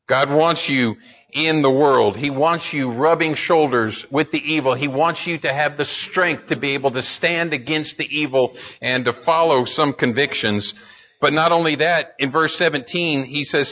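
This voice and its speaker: A man's voice: fairly high pitch, moderate pace, sharp tone, lo-fi sound. A man preaching a sermon in an earnest way, building emphasis and often restarting his words as he speaks. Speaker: pastor.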